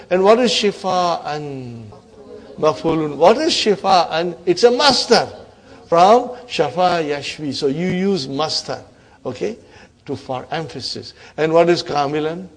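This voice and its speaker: A man teaching an online Arabic grammar class, encouraging his students and often checking in with a quick "huh?". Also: on the high side. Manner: addresses students as brothers and sisters.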